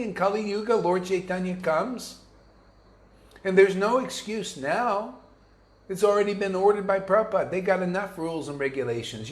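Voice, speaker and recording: The sound is roomy as a high-voiced man, a spiritual teacher, preaches casually to his students. His devotional talk is combative and blunt, with plenty of slang and restarts.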